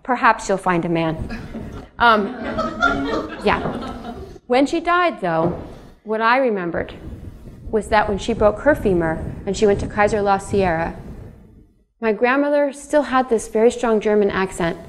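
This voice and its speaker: A woman's voice: medium pitch, expressive, a little slow, long pauses, a little hiss or hum. A woman author giving a public lecture and reading in a museum hall, telling chatty stories, laughing between them and putting questions to the audience.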